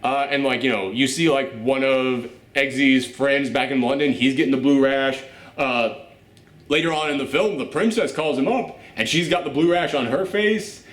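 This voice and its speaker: A man hosting a casual movie reaction chat, animated and profane, laughing often. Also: mid-range voice, normal speed. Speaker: host of a movie reaction show. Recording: roomy echo.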